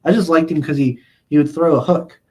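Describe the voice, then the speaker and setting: A man's voice: fairly high pitch, brisk. Male streamer, casual rambling host who reads chat aloud and chuckles a lot. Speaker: livestream host. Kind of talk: casual chat reading viewer comments.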